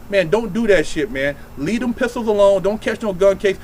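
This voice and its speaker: A man's voice: sits high, expressive, normal speed, hardly any pauses, a little mellow, a little hiss or hum, low-quality recording. A middle-aged man, host of a show, giving blunt, profane and heated street-style advice to young people about staying out of prison.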